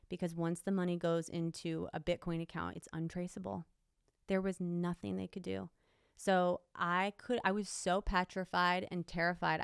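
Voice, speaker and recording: A woman's voice: fairly low pitch, gravelly, clean tone, no room sound, studio quality. A young woman, an interview guest, emphatically retelling a personal story and quoting what people said. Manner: emotional, emphatic retelling with quoted dialogue.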